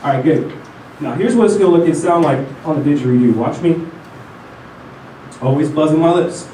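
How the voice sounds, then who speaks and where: A man leads a lesson, coaching his students and having them repeat sounds after him. His voice sits a bit high for a man. The sound is roomy and heard from some distance off the mic, with faint noise behind. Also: fairly quick, dark tone. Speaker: didgeridoo teacher. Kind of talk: instructional lesson.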